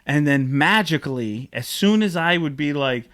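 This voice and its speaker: A man's voice: a little high, normal speed. A man co-hosting a podcast, telling stories in a casual chat and acting out quotes with big jumps in his voice. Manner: animated, acts out quotes with big voice jumps, laughs often. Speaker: podcast co-host.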